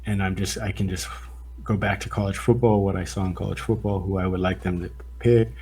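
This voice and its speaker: A man co-hosting a podcast, chatting casually about sports in a rambling, profane, animated way. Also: sits low, brisk. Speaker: podcast co-host. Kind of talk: casual chat.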